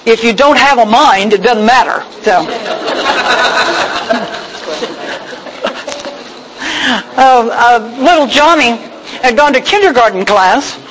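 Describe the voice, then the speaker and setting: A woman tells a personal faith story to a church group, swinging between hushed and excited as she talks. She is folksy and heartfelt, with plenty of ums and uhs. There is faint noise in the background. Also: on the high side, normal speed. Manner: emotional, folksy storyteller with many fillers. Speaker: speaker at a women's church gathering. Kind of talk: personal testimony talk.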